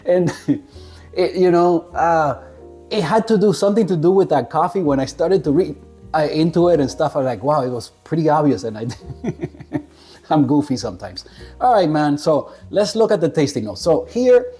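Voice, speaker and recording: A man talking casually to camera as he reviews a coffee, relaxed, chuckling often and stumbling over unfamiliar names. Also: a little high, normal speed, faint music behind.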